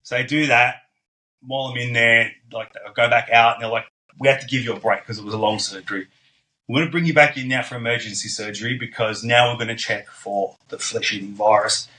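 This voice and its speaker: A man's voice: mid-range voice, steady tone, a little fast, sharp tone, a little hiss or hum, rough recording. A young man telling his story as a podcast guest in a casual, blunt way, swearing freely and dropping plenty of ums and likes.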